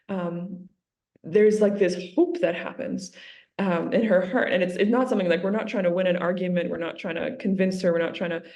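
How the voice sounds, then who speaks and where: Woman, religious sister, earnest, gravelly edge, mid pitch, storytelling interview. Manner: earnest, repeats herself, retells quotes lively.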